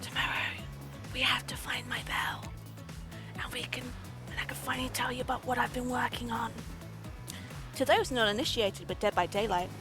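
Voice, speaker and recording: A woman voicing a shy male killer in whispered role-play, soft and hushed. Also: mid-range voice, lively intonation, brisk, hardly any pauses, music in the background, close to an everyday voice.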